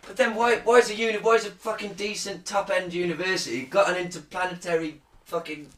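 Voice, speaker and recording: A man's voice: sits high, fairly even intonation, fast, a bit bright, roomy sound, poor audio. A man co-hosting a casual podcast, reading a news article aloud and joking and swearing along the way. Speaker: podcast co-host.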